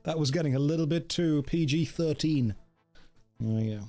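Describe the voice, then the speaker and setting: A man's voice: a little high, normal speed, dark tone, faint music behind. Chatty man streaming a game. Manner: chatty, jokey, talks to his dog and chat. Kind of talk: casual livestream chat while gaming.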